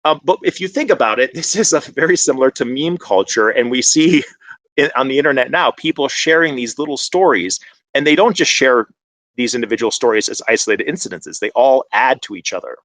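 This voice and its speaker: Animated man presenting, dry close sound. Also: mid-range voice, fairly quick, dry recording. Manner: conversational and animated, many fillers. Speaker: conference presenter. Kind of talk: online conference presentation.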